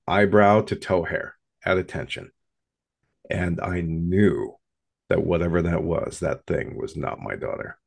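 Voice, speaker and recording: A man slowly telling a first-person paranormal story in a hushed, dramatic way. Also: low-pitched, gravelly.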